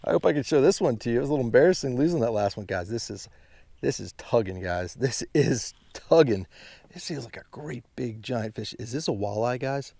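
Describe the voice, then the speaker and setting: A man giving excited fishing commentary from a boat on a mountain lake, exclaiming often and calling out to viewers as guys. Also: mid-range voice, quick pace, gravelly, few pauses, dry recording. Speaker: fishing vlogger.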